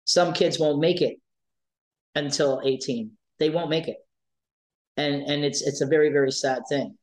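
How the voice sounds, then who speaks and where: A man's voice: a little high, moderate pace, rough recording. A man, a life coach, telling stories in an interview, emphatic and repeating key phrases for weight. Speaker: life coach for trans and non-binary youth. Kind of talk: conversational interview storytelling.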